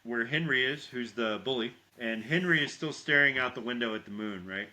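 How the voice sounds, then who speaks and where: A man co-hosting a podcast, recapping a horror film in an animated storytelling manner and often checking for agreement. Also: medium pitch. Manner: animated storytelling, quick asides seeking agreement. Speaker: podcast co-host.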